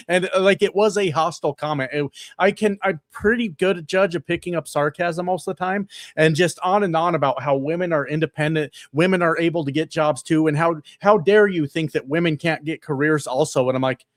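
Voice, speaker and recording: A man hosting a livestream, talking loosely and swearing freely as he reacts to viewer comments. His voice sits a little high for a man. He is recorded close on a desk microphone in a treated home room, so the sound is dry. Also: fairly quick, dry recording. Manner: loose, profane and chatty, with frequent fillers and laughs. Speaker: livestreamer and political candidate. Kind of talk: casual livestream chat, reading viewer comments. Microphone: upgraded desk microphone.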